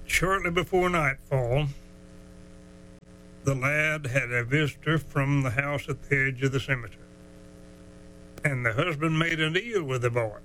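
A man telling a folksy tale, drawling and chuckling as he goes, slowing down for the dramatic parts. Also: mid-range voice, sharp tone, slight background noise, low-quality recording. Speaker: storyteller. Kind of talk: folksy storytelling.

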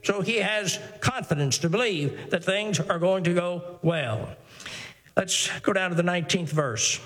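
A man with a notably high voice preaches a sermon. He reads old scripture in a measured, deliberate cadence, then presses his points with repeated phrases and rhetorical questions to his listeners. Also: a bit bright, big-room sound.

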